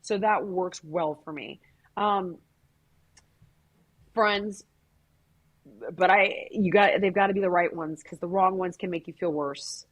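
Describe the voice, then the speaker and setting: Husky, blunt middle-aged woman. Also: fairly low pitch, slow pace, pauses often. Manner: blunt, emphatic and profane. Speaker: interview guest. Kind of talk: candid conversational interview.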